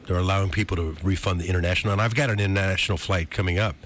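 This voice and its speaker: Male radio co-host, low voice, hesitant, lots of fillers, faint noise. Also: fairly even intonation, very fast, a bit bright. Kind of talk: casual on-air chat.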